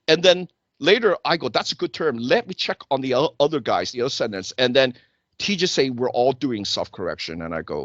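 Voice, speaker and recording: A man's voice: mid-range voice, a bit bright, dry recording. A man hosting a casual talk show, telling stories animatedly and acting out the exchanges he quotes. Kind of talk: casual chat. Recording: dull lo-fi dry sound.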